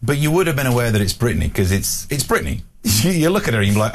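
A man's voice: medium pitch, sing-song, a little hiss or hum. A British man co-hosting a radio show, bantering playfully and mocking himself. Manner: quick, playful, self-mocking. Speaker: radio co-host.

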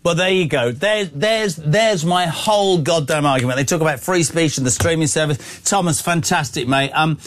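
A man's voice: on the high side, moderate pace, hardly any pauses, a little hiss or hum. A man hosts a phone-in radio show with a slightly raised voice. He talks in a blunt, emphatic, matey way, calling listeners mate and buddy. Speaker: radio talk show host.

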